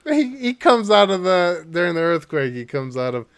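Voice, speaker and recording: A man's voice: high voice, very animated, moderate pace, clear, resonant tone, dry recording, studio quality. A man co-hosting a podcast in casual chat, often laughing as he retells movie scenes. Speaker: podcast co-host.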